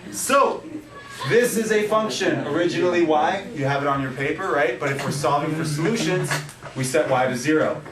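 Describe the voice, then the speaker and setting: A man's voice: a little high, a little fast, a loud crowd. A man teaching a math class, playful and upbeat, quizzing his students. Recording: echoey classroom, mic at a distance. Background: students answering.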